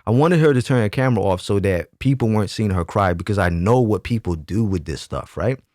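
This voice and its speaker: A man's voice: lowish voice, animated, brisk, a little mellow, dry recording, studio quality. A man telling a personal story in a casual monologue, emphatic and often checking in with "right?". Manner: emphatic, keeps asking "right?". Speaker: YouTube commentator.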